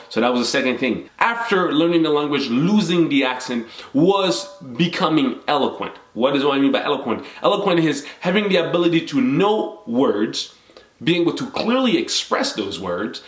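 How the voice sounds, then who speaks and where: A man's voice: fairly high pitch, very animated, moderate pace. Earnest Congolese-born man in echoey room. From Democratic Republic of the Congo. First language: French. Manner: earnest, motivational, lists numbered points. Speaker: vlogger. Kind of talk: reflective personal talk to camera.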